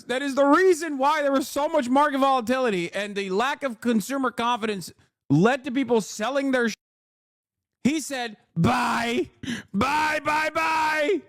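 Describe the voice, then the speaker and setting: A man's voice: very high voice, no echo, studio quality. A man streaming political reaction commentary, ranting emphatically with exasperation and swearing.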